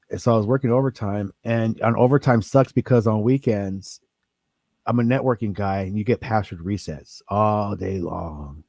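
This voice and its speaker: A man's voice: fairly low pitch, dry recording. A man telling rambling, profane stories in casual chat on a livestream. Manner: profane, animated storyteller.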